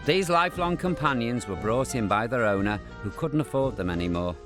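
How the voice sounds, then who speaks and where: Older male presenter, camp and cheeky, animated delivery, music bed. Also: medium pitch, fairly quick. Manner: camp, joking asides, cooing at dogs. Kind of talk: documentary narration and chat.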